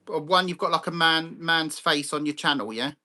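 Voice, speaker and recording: Blunt, sweary man with a bright voice. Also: a little high, moderate pace. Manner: blunt, sweary, ranting, greets chat viewers by name. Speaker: livestream host. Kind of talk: live chat stream.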